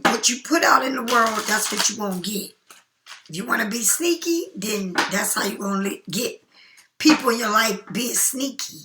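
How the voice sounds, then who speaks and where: A middle-aged woman giving a casual tarot reading, chatty and emphatic, sometimes slowing into soft whispers. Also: medium pitch, background noise. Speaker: tarot card reader.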